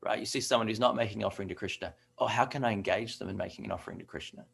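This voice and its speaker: A man teaching a devotional scripture class in a relaxed, talkative way. His voice sits low and has a gravelly grain. He drifts into fillers and asides as he explains. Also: rapid-fire, a little hiss or hum. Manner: conversational, with fillers and asides like "right?".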